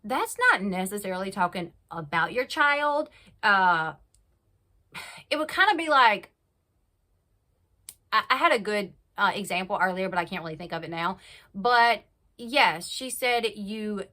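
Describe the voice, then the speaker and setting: Animated chatty woman recapping gossip. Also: measured pace, long pauses. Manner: chatty, animated, acts out quotes with big pitch jumps. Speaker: YouTube recap host. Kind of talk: casual chat, reality TV recap.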